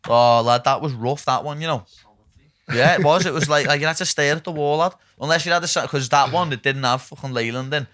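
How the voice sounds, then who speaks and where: A man's voice: fairly high pitch, fairly bright tone. A young man with a Liverpool accent hosting a podcast, telling rambling stories in casual chat and dropping "lad" and swear words into nearly every sentence. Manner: rapid, rambling storytelling with constant "lad" and swearing. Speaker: podcast host.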